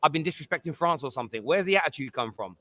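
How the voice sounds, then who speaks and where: A man's voice: a little high, expressive, very fast, bright, forceful tone. A man hosting a live football stream, talking over his caller and arguing his point. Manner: interrupting, insistent, exasperated. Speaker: livestream host. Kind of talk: heated live stream chat.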